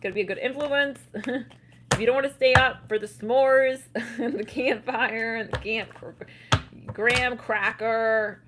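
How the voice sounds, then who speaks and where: A woman giving a casual tarot reading, chatty and quick to laugh, with loose swearing. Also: a little high, fairly even intonation, noisy background. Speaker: tarot reader.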